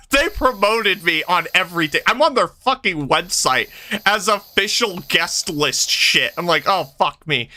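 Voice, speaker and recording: Animated, high-pitched cursing man. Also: a little slow. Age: 30s. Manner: animated, profane, laughs often. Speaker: streamer host. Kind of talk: casual chat while gaming.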